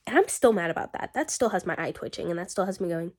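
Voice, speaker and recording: A woman venting in a casual diary vlog, ranting and animated, with lots of "like" and "literally", still getting over being sick. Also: medium pitch, quick pace, few pauses. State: recovering from illness. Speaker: vlogger.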